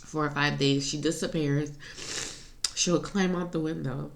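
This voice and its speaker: A woman's voice: low-pitched, steady tone, measured pace, vocal fry, slight background noise. A woman talking in a personal vlog, rambling and confessional, laughing to keep from crying. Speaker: vlogger.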